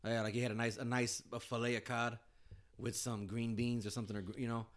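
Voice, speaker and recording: A man's voice: medium pitch, little pitch movement, quick pace. A man co-hosting a casual, joking chat, laughing often and slipping into playful voices.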